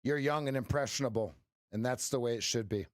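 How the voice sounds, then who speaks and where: A man's voice: medium pitch, brisk, dry recording, studio quality. Chatty man hosting a trading livestream. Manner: joking, talks straight to chat, folksy pep talk. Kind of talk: casual livestream chat with viewers.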